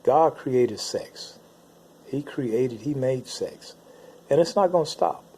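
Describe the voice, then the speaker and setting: Man, husky tone, warm and mellow, earnest repetitive storytelling, casual monologue to viewers. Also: mid-range voice, lively intonation, takes it slowly. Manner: earnest and repetitive, circles back over phrases. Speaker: Christian speaker recounting visions. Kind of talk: casual spoken monologue to camera.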